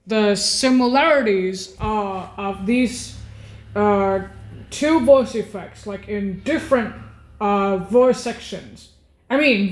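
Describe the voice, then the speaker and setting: A woman explaining keyboard voice settings in a casual way, halting and often correcting herself and apologizing. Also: mid-range voice. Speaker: keyboard instructor.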